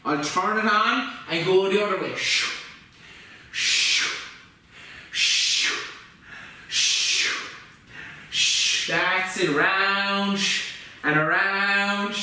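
Man, gentle encouraging yoga teacher, bright voice, echoey distant room. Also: high-pitched. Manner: gentle, encouraging, playful instructions. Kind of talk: guided kids' yoga class. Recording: echoey room, mic far off.

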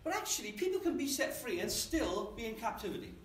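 A man's voice: extremely high pitch, sing-song, fast, a bit bright, a little hiss or hum. A man preaching a sermon in a church, conversational and often asking the congregation questions. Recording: echoey church from a distance.

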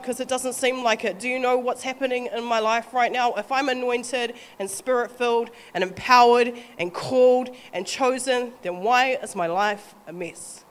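A woman with a New Zealand accent preaching a sermon, animated and often acting out quoted voices with light laughter. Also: a little high, long reverb tail.

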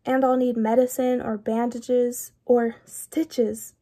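A woman voicing an anxious, fretful male walrus in a children's storybook, talking slowly and rambling through all his worries. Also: a little high, level tone, warm tone. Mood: worried. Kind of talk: children's storybook read-aloud.

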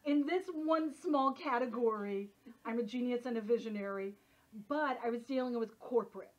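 A woman leading a workshop, talking in a chatty, animated way full of casual fillers. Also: a little high, normal speed. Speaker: workshop leader. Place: workshop room. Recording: dull lo-fi recording.

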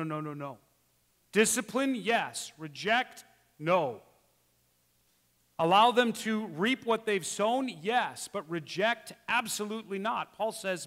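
High-voiced man preaching in a reverberant church. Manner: emphatic preaching, rhetorical questions, swings from soft asides to loud exclamations. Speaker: pastor. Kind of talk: sermon. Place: church sanctuary.

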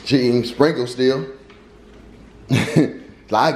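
In this casual family vlog, a young parent at home chats to viewers and playfully encourages his baby to take steps. He speaks slowly in a slightly high voice, pausing often.

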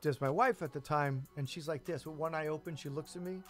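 A man's voice: on the high side, brisk, soft background music. A man co-hosting a radio show, telling long anecdotes in casual banter and cutting in to correct his partner. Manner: animated storyteller who cuts in to correct. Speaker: co-host.

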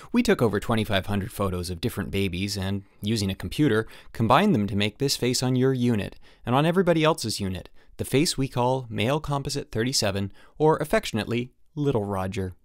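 A man narrating an audiobook in the first person as a letter, with an emphatic, animated delivery. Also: fairly low pitch, fast, few pauses, no echo, clean studio sound. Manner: animated, emphatic on the product name. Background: faint background music.

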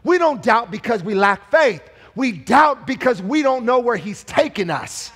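A man pastor giving a live sermon in a church, speaking with energy, rising to shouts and asking the congregation questions. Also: very high-pitched, big pitch swings, a little slow, husky.

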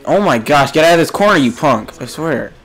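A man's voice: fairly high pitch, a little fast, faint music behind. A young man giving jokey, exasperated let's play commentary, yelping and grunting as he plays, sounding a little sick. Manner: exasperated, excitable, jokey, frequent yelps and grunts. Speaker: gamer.

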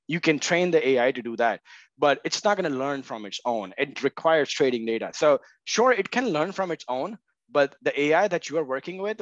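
A man's voice: medium pitch, dry recording, lo-fi sound. A man speaking as an interview guest in casual conversation, hedging with fillers and often asking "right?". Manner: many fillers, frequent "right?" checks. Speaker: guest, marketing tech co-founder.

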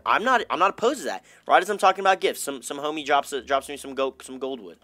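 A man's voice: on the high side, quick pace, few pauses, no echo, studio quality. A young man giving casual, chatty commentary over his own gameplay, talking to himself and his fans. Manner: chatty, self-talking, upbeat, bursts of excitement. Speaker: gaming YouTuber.

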